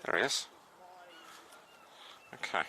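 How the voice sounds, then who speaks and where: A man chatting casually on a live stream from a beach, excitable and sometimes dropping to a hushed voice. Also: slow, a little hiss or hum. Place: outdoors on a beach at low tide.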